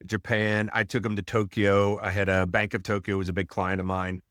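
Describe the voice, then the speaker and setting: A man hosting a podcast interview, chatting casually and telling stories in a relaxed way. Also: on the low side, fairly quick, no echo, studio quality. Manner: laid-back storyteller who acts out quotes. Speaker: podcast host.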